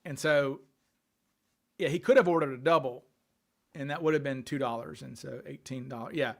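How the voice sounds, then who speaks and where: A man's voice: mid-range voice, moderate pace, creaky. A man hosting a casual livestream, thinking aloud and answering questions from viewer chat. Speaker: livestream host.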